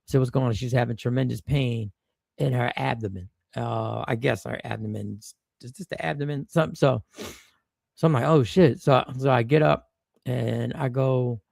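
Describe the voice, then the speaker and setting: A stand-up comedian who also hosts streams tells viewers a personal story, rambling loosely with slang and restarts. His voice is medium-pitched and gravelly. The studio sound is clean with no echo.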